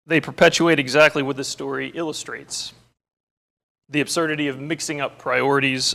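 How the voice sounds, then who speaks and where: A man's voice: medium pitch, vocal fry, a bit bright. A man preaching a sermon, opening with a story and moving into earnest, emphatic teaching with scripture quotes.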